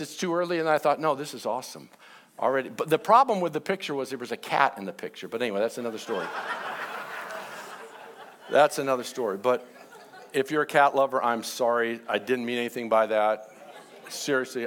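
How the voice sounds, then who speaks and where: A man preaching a sermon to his church, mixing joking asides with slow, emphatic preaching. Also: mid-range voice, a bit bright. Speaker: pastor.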